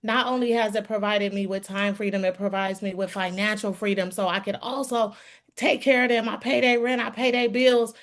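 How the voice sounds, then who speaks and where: A woman's voice: mid-range voice, fairly even intonation, a little fast. A middle-aged woman on an online group call, giving a heartfelt testimonial in an earnest, folksy way and calling listeners "y'all.". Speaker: guest speaker giving a testimonial.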